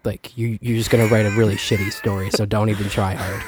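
A man's voice: fairly low pitch, level tone, quick pace, a little hiss or hum. A young man co-hosting a podcast while sick and tired, with a nasal voice, rambling in casual chat with lots of hesitations. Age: young adult. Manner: rambling, self-deprecating, hesitant. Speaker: podcast co-host.

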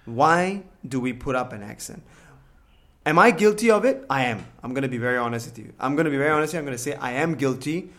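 A man's voice: medium pitch, fast, few pauses. A man from Singapore with a Singaporean English accent, co-hosting a casual podcast chat and telling stories candidly. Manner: animated, storytelling, candid.

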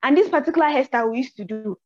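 A young woman with a Nigerian accent tells personal stories on her podcast. Her voice sits high, and she acts out the people in her stories with a lot of energy. The recording is a little muffled and dry, with no room sound. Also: rapid-fire, no room sound. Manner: animated storyteller who acts out quotes. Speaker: podcast host. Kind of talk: casual chat, personal storytelling. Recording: slightly dull, dry audio.

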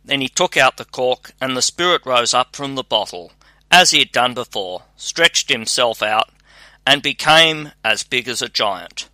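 A man reads a fairy tale aloud at a slow pace in a steady, unhurried manner. His tone is bright and crisp, and the recording is dry and close. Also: mid-range voice, dry recording. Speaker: storyteller. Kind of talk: scripted fairy-tale narration.

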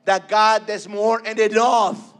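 High, bright-voiced fervent male preacher. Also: level tone, slow pace. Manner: fervent, repetitive call-and-response preaching. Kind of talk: sermon.

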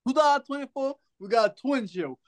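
A podcast host, a man with an extremely high-pitched voice, tells a long story in casual chat at a slightly fast pace. He's animated and laughs often throughout, swearing and joking freely and acting out other people's lines in altered voices.

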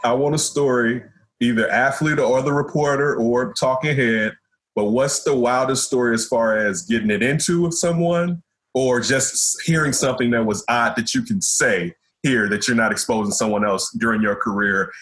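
A man hosts a sports radio show in a relaxed, joking way. He speaks at an ordinary middle pitch and keeps the chat easy and friendly with his guest. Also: moderate pace. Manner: laid-back, jokey. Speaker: radio host. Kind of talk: casual interview.

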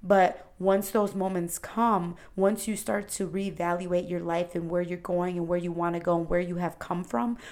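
A woman's voice: on the low side, flat delivery, moderate pace, hardly any pauses, darkish tone. A woman hosting her own podcast, giving an earnest and encouraging motivational talk straight to her listeners. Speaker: podcast host. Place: at home indoors.

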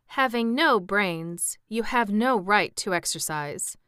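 A woman's voice: mid-range voice, lively intonation, slow, a bit bright, clear, resonant tone, dry recording, studio quality. A woman voicing a pompous, severe male scarecrow king who speaks in a lofty, reproving way, in a storybook reading.

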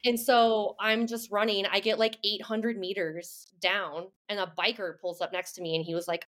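Runner guest, woman, chatty storyteller, mid-pitched voice, lots of "like". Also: moderate pace, few pauses, slight background noise. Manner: animated storytelling, many "like" fillers. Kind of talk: casual chat.

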